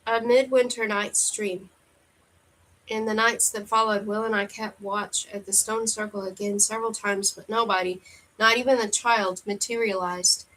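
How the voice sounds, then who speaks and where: A woman reading a novel aloud in first person, steady with the odd slip and restart. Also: medium pitch, moderate pace, low-quality recording. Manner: steady first-person narration with occasional slips. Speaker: audiobook reader.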